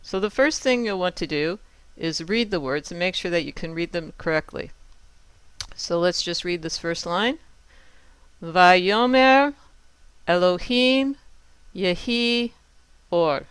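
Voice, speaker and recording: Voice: medium pitch, moderate pace, a bit bright, clean tone, no room sound. A patient teacher explaining Torah cantillation step by step and chanting each example aloud. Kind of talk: step-by-step lesson with sung examples.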